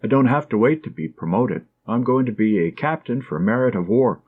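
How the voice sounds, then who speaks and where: A man's voice: medium pitch, expressive, fairly quick, narrow, tinny audio, lightly acted. A man reading an audiobook, voicing a conceited, boastful young soldier. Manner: boastful, self-satisfied.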